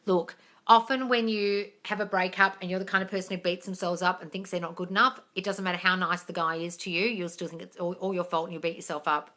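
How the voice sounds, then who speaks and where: Bright-voiced woman coaching viewers live. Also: lowish voice, flat delivery, fast talker. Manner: direct, coaching, calls listeners darling; swears casually. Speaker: manifesting coach answering viewer questions. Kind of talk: live-stream Q&A.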